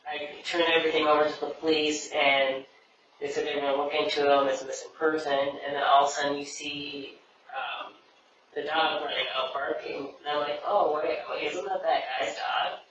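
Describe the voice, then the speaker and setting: A man's voice: a little high, level tone, normal speed, fairly bright tone, slight background noise. Echoey rambling man telling a dream. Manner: rambling, retells dialogue with many "he's like". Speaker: podcast co-host. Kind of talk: casual storytelling. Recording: distant, dull, very echoey room.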